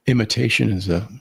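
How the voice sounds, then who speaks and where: A man's voice: lowish voice, creaky, a bit bright, breathy edge. A man co-hosting a podcast, telling rambling stories with many fillers in casual chat. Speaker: podcast co-host.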